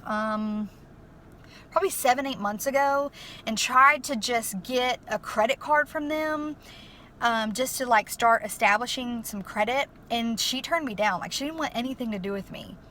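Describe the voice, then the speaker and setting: Young woman, emotional chatty vlogger, higher bright voice, faint hiss. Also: moderate pace. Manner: chatty, emotional, lots of fillers. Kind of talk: casual testimony vlog. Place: inside a car.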